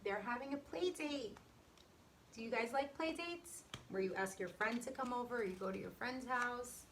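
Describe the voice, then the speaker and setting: Bright-voiced woman teacher reading aloud. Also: on the high side, moderate pace, slight background noise, low-quality recording. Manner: stops to explain words and question the children. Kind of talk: read-aloud to young children.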